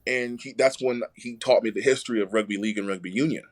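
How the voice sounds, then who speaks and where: A man's voice: lowish voice, fast, slight background noise. A man telling a story in casual conversation as a podcast guest, acting out the voices of people he quotes. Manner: animated, acts out quoted voices.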